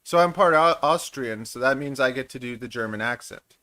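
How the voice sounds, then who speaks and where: A man's voice: medium pitch, brisk, sharp tone, no echo. A man in his thirties hosting a live stream, chatting casually in a rambling, jokey way and laughing often. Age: 30s. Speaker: channel host.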